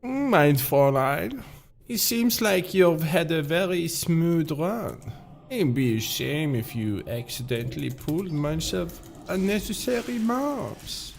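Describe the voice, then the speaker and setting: A man's voice: on the high side, sing-song, unhurried, creaky, slight background noise, voice pushed up, exaggerated voice. A man puts on a sneaky little man who lives inside the computer, purring his threats in a mock German accent. The voice sits well above the speaker's own and swoops about with a sing-song lilt. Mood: mock menacing. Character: sly little man living in a computer, taunting.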